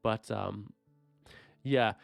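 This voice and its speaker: A man's voice: fairly low pitch, fairly even intonation, extremely slow, vocal fry, no room sound. Guy rambling on a podcast, laughs a lot, swears, dry sound with faint music behind. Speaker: podcast co-host. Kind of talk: casual chat.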